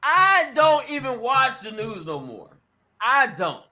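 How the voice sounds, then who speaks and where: A man with a strikingly high, bright voice hosts an opinion talk show. He swings his pitch around a lot, acting out little scenes and calling out to the ladies and gentlemen listening. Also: slow. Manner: animated and emphatic, acts out little scenes.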